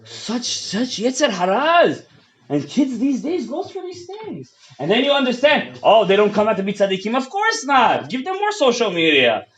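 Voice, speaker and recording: A man giving a fiery Torah lecture as a rabbi, swinging between loud outbursts and hushed asides, mixing English with Hebrew terms, on a dull lo-fi recording. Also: high voice, very animated, moderate pace. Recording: dull lo-fi audio.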